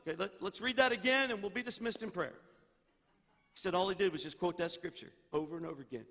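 A senior pastor preaching a sermon, moving from loud pleading to quiet storytelling. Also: male voice, high-pitched, fast. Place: church sanctuary. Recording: long church reverb.

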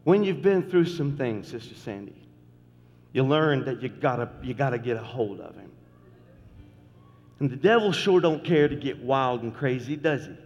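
Folksy middle-aged pastor in a reverberant hall. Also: male voice, medium pitch, lively intonation, moderate pace, darkish tone, highs cut off. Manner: folksy, joking, repeats phrases for emphasis. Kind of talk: sermon.

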